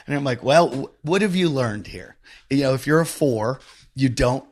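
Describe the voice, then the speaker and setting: A man hosting a podcast in casual chat, telling stories and acting out the quotes loudly. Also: medium pitch, moderate pace. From from the American West. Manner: animated storyteller, acts out quotes loudly. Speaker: podcast host.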